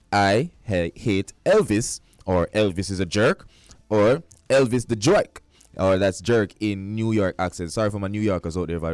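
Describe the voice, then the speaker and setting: A man's voice: lowish voice, darkish tone, dry recording. A man with a Jamaican accent co-hosting a radio morning show, reading a fun fact and bantering playfully. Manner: playful, upbeat. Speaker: radio co-host.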